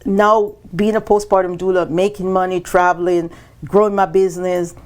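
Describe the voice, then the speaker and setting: Telling her story on a business podcast at a moderate pace, the woman guest is animated and acts out what others said, her pitch jumping suddenly for the quotes.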